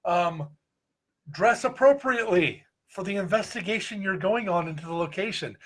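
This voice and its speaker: A man with a Midwestern American accent co-hosts a casual group chat on a paranormal investigation show, offering folksy, joking advice. His high voice is animated, at a moderate pace.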